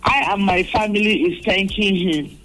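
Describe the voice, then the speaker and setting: A man's voice: sits high, normal speed, bright, forceful tone, soft background music, rough recording. A man with a Nigerian Pidgin accent calling into a radio show, giving prayerful thanks to God. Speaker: caller.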